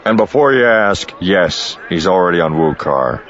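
A man voicing a blunt, gruff male smuggler who answers in terse, growling comebacks. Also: low-pitched, animated, normal speed, fairly bright tone, muffled recording.

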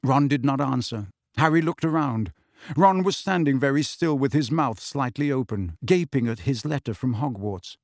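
A man narrating an audiobook with expressive storytelling. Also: medium pitch, normal speed, no room sound, clean studio sound. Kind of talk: scripted narration.

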